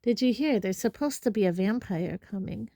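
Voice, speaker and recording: A blunt teenage boy from a storybook, read by a woman narrator in a plain, direct way. Her voice is mellow and dry. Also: mid-range voice, expressive, normal speed, vocal fry, dry recording.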